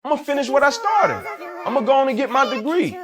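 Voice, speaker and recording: A man's voice: very high-pitched, very animated, fairly quick, a crowd in the background. A young man talking about finishing his degree, determined and repeating his points. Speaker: student. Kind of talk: motivational talk.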